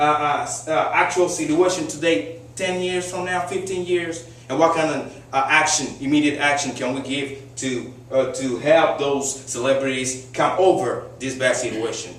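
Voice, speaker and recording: A man's voice: fairly high pitch, a bit bright, distant mic. A young man giving a persuasive speech to a class, emphatic and full of rhetorical questions and fillers. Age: young adult. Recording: very echoey classroom recorded from afar.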